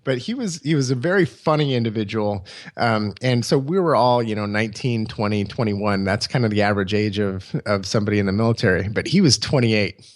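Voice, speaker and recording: A man's voice: on the low side, a little fast. A man in his forties, a podcast guest, telling stories casually, rambling with many fillers and chuckling as he goes. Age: 40s. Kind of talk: casual storytelling.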